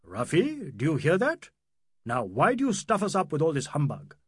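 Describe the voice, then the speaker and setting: A man puts on a courteous middle-aged gentleman who tries to smooth things over. His husky voice sits a little raised and moves expressively, polite and soothing. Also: fairly high pitch, wildly swooping pitch, normal speed, no room sound, studio quality, pitched above the performer's own voice, full character voice. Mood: scolding. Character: polite, placating middle-aged male host.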